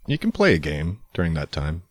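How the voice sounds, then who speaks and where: A man's voice: extremely low pitch, huge pitch swings, fairly quick, no echo, studio quality. A man co-hosting a podcast, chatting casually and arguing in a wry, mock-serious way. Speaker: podcast co-host.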